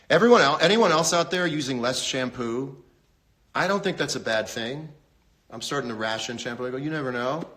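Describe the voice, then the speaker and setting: A man hosting a casual livestream from his home, rambling through wry, deadpan jokes and talking to his viewers. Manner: rambling, wry, deadpan humor with sudden pitch jumps. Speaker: host. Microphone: phone livestream.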